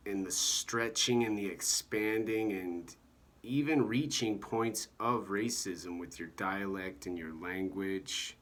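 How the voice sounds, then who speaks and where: Low-voiced man musing in halting rambles. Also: fairly bright tone. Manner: meandering, halting, full of "you know" and "like". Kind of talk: rambling monologue about comedy.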